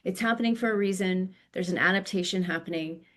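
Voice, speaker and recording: A woman's voice: lowish voice, a little fast, a bit bright. Reflective woman podcast host. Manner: reflective, spiritual, searching for words. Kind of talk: reflective conversation.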